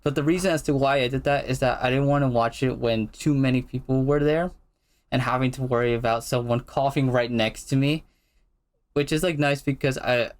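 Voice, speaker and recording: A man hosting a casual chat, telling stories in a relaxed, rambling way. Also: mid-range voice, clean tone. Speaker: host.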